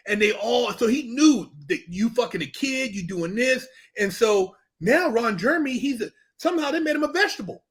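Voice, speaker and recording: A man with a high voice tells his stories in an animated, profane way, acting out quoted dialogue as he goes. He is a guest on a casual podcast.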